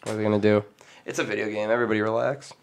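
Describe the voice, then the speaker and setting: A man's voice: on the low side, level tone, rapid-fire, creaky, noisy background. A man hosting a podcast in casual chat, telling rambling stories, laughing often and swearing freely. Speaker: podcast host.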